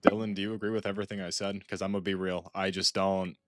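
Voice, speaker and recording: Young male streamer, low voice, dry close mic, rambly casual chatter. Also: level tone, fast, fairly bright tone, dry recording. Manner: rambling, full of "like" and restarts. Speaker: gaming streamer. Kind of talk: casual gaming chat.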